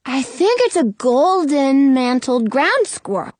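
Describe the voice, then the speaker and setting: A woman voicing an excitable young boy who explains things like a know-it-all. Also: takes it slowly, no echo, heavily acted. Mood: excited. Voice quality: high, excited.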